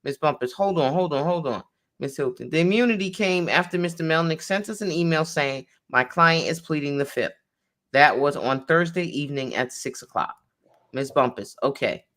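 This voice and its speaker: A woman's voice: sits low, lively intonation, normal speed, fairly bright tone. A woman attorney reading a court transcript aloud in a conversation, naming each speaker as she goes.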